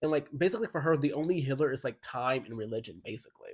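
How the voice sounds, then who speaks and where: A man's voice: medium pitch, lively intonation, very fast, darkish tone, breathy edge. A man giving a chatty, enthusiastic album review as a YouTuber, filling his talk with "like". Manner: chatty and enthusiastic, heavy use of "like". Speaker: music commentary YouTuber. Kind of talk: casual album review commentary.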